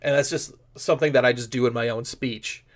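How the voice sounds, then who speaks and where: A man's voice: medium pitch, fairly even intonation, fairly quick. A man, a comedian and improviser, talking as a podcast guest and rambling through his points with lots of fillers and restarts. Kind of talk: casual podcast interview.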